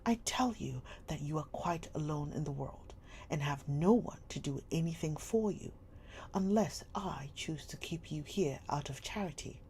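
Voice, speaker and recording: A woman voicing a cold, domineering schoolmistress who scolds in a sharp, stern tone, with a faint hum behind. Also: low-pitched, expressive, moderate pace.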